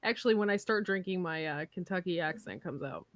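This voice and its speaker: A woman's voice: fairly low pitch, fairly quick, slight background noise. Wry woman on a livestream call. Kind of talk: casual group chat.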